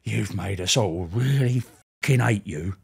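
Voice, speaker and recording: A man's voice: lowish voice, animated, unhurried, vocal fry, slight background noise, pitched below the performer's own voice. A man quoting a volatile, playful male prisoner in a teasing, menacing tone. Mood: teasing menace.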